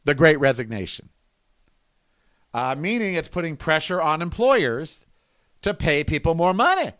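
Man, middle-aged, podcast host, high voice, sassy exasperated rant, dry close sound. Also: big pitch swings, normal speed, a bit bright, no room sound. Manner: sassy, exasperated ranting with rhetorical questions. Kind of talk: solo podcast monologue.

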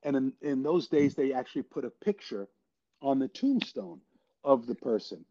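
An older actor telling a story in a casual interview, animated and quoting the people in it. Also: male voice, medium pitch, moderate pace. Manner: animated storyteller, quotes people in his tales. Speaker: guest actor. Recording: dull lo-fi audio.

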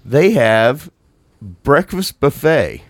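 A man's voice: mid-range voice, big pitch swings, extremely slow, dry recording, clean studio sound. Laid-back man chatting on a podcast. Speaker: podcast co-host. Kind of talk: casual chat.

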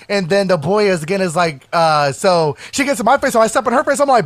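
High-voiced man telling a rowdy story. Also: quick pace, few pauses, dry recording. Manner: animated, profane, acts out quotes loudly. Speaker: podcast co-host. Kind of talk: casual storytelling chat.

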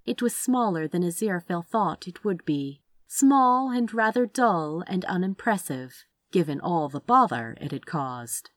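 Female story narrator, slow and expressive with lively pitch, lowish voice, dry close recording. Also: dry recording. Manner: measured, expressive. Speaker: reader.

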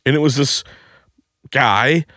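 A man co-hosting a podcast tells a crude comedic story with plenty of swearing. He jumps into loud, high bursts whenever he quotes someone. His medium-pitched voice is recorded dry, with no room sound. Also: takes it slowly, no echo. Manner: crude, animated, shouts quoted lines.

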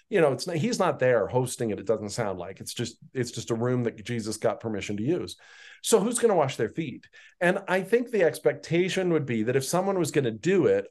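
A man teaching on a Bible passage in a conversational, animated way, with casual asides. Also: a little high.

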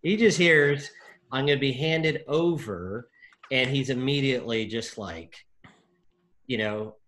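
A man discussing a Bible passage in casual chat, animated, acting out the figures' lines with lots of fillers. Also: mid-range voice, unhurried, a little hiss or hum. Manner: animated, acts out quotes, many fillers.

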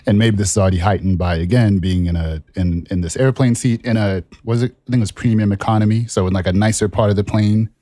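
A man co-hosting a podcast, telling a personal story in a relaxed, animated way and laughing at himself as he goes. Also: on the low side, fast, few pauses, no echo. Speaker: podcast co-host. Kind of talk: casual storytelling chat.

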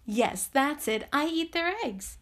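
A woman playing a calm, ancient grandmother. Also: high voice, slow pace, voice pushed up. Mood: knowing. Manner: calm, knowing, softly amused. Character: mysterious very old gentle grandmother. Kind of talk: storybook reading.

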